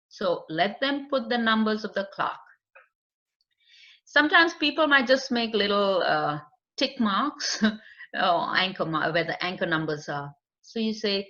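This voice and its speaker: Speaking a bit high, unhurried and animated, a woman with a non-native accent lays out a screening test for trainees. Her tone is bright and forceful, and she leans on fillers while performing client quotes. Sound quality is dull and lo-fi.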